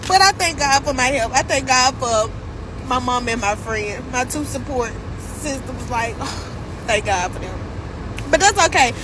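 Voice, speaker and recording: A woman's voice: sits high, animated, measured pace, background noise. A woman, a single mother, venting candidly and wearily to the camera, rambling a little as she talks it through. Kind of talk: emotional vent to camera.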